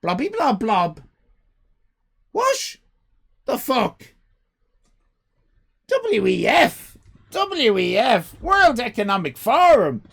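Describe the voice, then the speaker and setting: An Irish man in his fifties hosting a live stream, loud and exclaiming, swearing and joking as he reacts to chat. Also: extremely high pitch, huge pitch swings, slow, vocal fry, pauses often, breathy edge. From Ireland. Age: 50s. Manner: loud, exclaiming, swears and jokes, rambling restarts.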